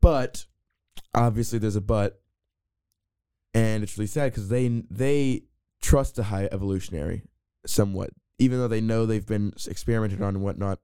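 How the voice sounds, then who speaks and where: A man's voice: on the low side, fairly even intonation, normal speed, mellow, clear, resonant tone, no echo, studio quality. A young man co-hosting a podcast, chatting casually about a movie, rambling with many restarts and playful banter. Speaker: podcast co-host. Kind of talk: casual movie review chat.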